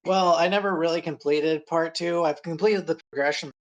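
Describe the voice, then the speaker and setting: A man chatting on a podcast, explaining himself in rambling, halting sentences full of restarts. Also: fairly high pitch, fairly even intonation, lo-fi sound. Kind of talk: casual podcast chat.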